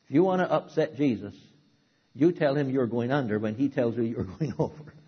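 A man preaching a sermon, who swings from loud, dramatic outbursts to low, hushed asides. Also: brisk, husky, dull audio.

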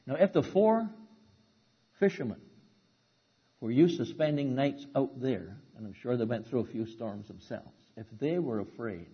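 A man preaching a sermon, who swings from loud, dramatic outbursts to low, hushed asides. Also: slightly rough, dull audio.

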